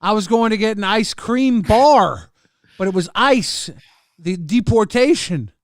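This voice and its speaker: A man co-hosting a livestream, telling crude deadpan stories in casual banter. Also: high voice, unhurried, no room sound, clean studio sound. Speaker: livestream co-host.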